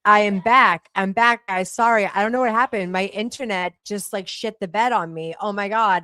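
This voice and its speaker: A woman's voice: medium pitch, moderate pace, hardly any pauses, bright, forceful tone, dry recording. A woman hosting a live stream, chatting casually and apologizing in a frazzled, swearing way. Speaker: livestream host.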